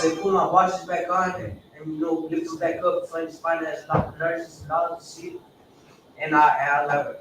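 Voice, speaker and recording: A man's voice: a little high, steady tone, normal speed. A man sharing his recovery story in a group. He rambles, swears, repeats himself and acts out quoted dialogue. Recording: echoey room from far off with background noise.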